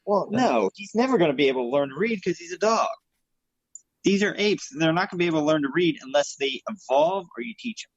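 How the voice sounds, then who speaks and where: A man with a slightly high, husky voice explains his view with everyday analogies. His pitch moves a lot as he talks. The audio is dull and muffled, as if on a weak video call. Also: lively intonation, brisk, dry recording. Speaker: podcast co-host. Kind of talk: casual movie discussion. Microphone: home mic on a video call.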